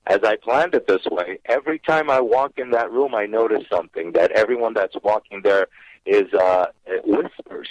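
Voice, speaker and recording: A man's voice: fairly low pitch, moderate pace, dry recording. A man calling in to a radio show and telling a personal ghost story, acting out his own remarks along the way. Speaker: caller on a paranormal radio show. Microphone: phone. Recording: dull, dry phone line.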